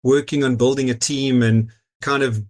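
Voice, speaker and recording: A man's voice: mid-range voice, steady tone, normal speed. A middle-aged man with a South African accent, a guest in an interview, telling his story in an easygoing way with frequent "you know"s. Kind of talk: casual interview over a call.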